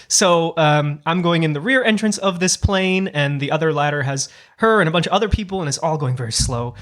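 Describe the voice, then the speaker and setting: A man hosting a podcast, telling an anecdote in an animated, jokey way and acting out the dialogue. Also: on the high side. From Portugal. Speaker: podcast host. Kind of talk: casual storytelling.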